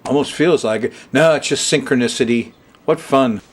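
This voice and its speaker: A man's voice: mid-range voice, normal speed. A man hosting an astrology television show, talking casually to the camera with frequent chuckles and rambling asides. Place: Hawaii.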